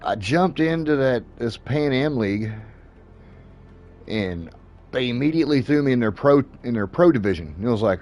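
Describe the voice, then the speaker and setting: Swearing and laughing as he drives in a racing sim, a laid-back man shares casual tips. His medium-pitched voice is animated and darkish, at a normal pace, with faint music behind him.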